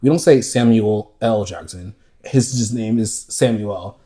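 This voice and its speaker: Mellow-voiced animated man, casual podcast chat. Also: fairly low pitch, unhurried. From United States. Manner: animated, profane, laughing storyteller. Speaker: podcast co-host.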